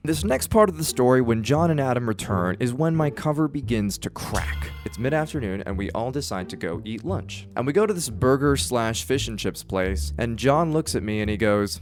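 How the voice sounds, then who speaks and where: Animated young man telling a story. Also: mid-range voice, moderate pace. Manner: animated, self-mocking. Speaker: vlogger. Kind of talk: personal storytelling.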